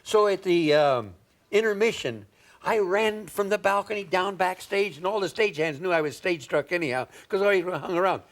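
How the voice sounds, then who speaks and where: A man in his seventies from Indiana spins folksy stories in a sit-down interview. His voice sits a little higher than most men's, and he chuckles and checks in with "see?" as he talks. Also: moderate pace. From Indiana, USA. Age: 70s. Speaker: comedian guest. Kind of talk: anecdotal storytelling in an interview.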